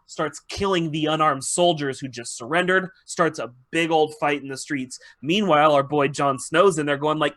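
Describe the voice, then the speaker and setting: A man's voice: a little high, moderate pace, bright, forceful tone. A man hosting a podcast, casually retelling a TV episode in a rambling, profane way and acting out the characters' lines. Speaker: podcast host.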